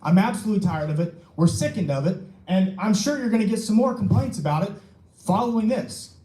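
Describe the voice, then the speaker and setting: Brief Young man, high voice with a mellow tone, furious public commenter, echoey council room. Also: expressive, brisk. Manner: angry, emphatic, swears, rhetorical questions. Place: city council chamber.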